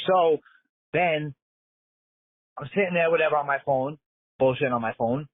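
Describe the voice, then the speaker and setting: A man's voice: fairly high pitch, normal speed, pauses often. Man telling a story over a tinny voicemail. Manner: casual, streetwise storytelling with swearing. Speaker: caller.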